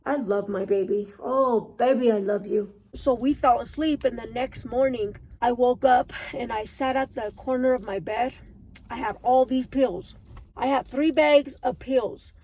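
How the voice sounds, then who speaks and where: A woman's voice: a little high, measured pace, darkish tone, low-quality recording. A woman in her thirties telling viewers her own story in an earnest, emotional way. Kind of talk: personal storytelling to camera.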